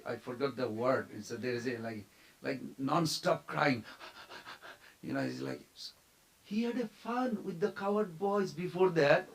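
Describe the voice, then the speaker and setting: Animated man telling a devotional story. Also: a little high, rough recording. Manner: animated, quizzes the audience, acts out quoted figures. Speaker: temple class speaker.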